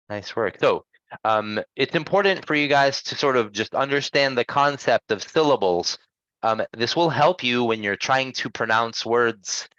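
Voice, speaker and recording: A man teaching English pronunciation in an online lesson, patient and encouraging, gently correcting his students. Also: medium pitch, no echo, highs cut off.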